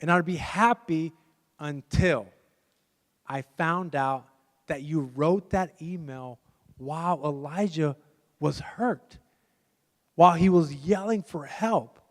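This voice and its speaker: A man's voice: fairly high pitch, slow pace, long pauses, in a large hall. A man preaching a sermon as guest pastor, telling a story in a chatty way and acting out the voices of the people in it. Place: church sanctuary.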